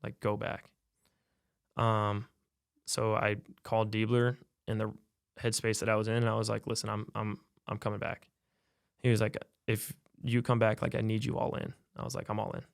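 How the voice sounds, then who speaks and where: A young man, a college athlete, telling a personal story in a podcast interview, soft-spoken and halting with many fillers. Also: on the low side, completely flat delivery, vocal fry, clear, resonant tone, dry recording, studio quality. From United States. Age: young adult. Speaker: college basketball player, podcast guest. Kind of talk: personal testimony in a podcast conversation.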